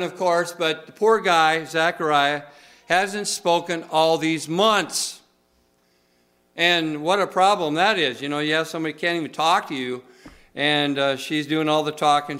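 A man's voice: fairly high pitch, sharp tone. A male pastor preaching a sermon in a conversational, folksy way, with many filler uhs.

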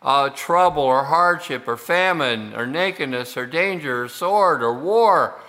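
A man preaching a sermon, slow and deliberate, with frequent pauses and fillers as he explains scripture. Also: fairly high pitch, expressive, sharp tone. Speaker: pastor.

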